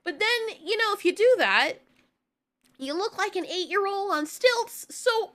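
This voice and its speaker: Young woman vlogger, bright high voice, chatty animated commentary to camera. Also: unhurried. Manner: animated, laughs uneasily, talks to viewers.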